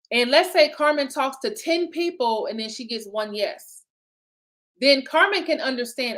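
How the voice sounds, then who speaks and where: A lively woman business coach leads a live online session in a chatty, encouraging way. Her voice sits a little high, and she talks as if straight to her group, often stopping to check they follow. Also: normal speed. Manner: lively, chatty, repeats "okay?" and "right?".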